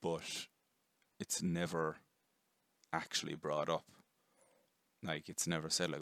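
A man giving a casual, rambling movie review, chatty and quick to swear. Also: very deep voice, flat delivery, bright, forceful tone, no room sound, clean studio sound. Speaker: film reviewer.

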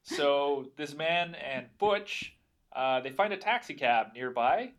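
A man's voice: on the high side, expressive, slow pace, fairly bright tone. A man co-hosting a podcast, recapping a TV episode in casual, laid-back chat.

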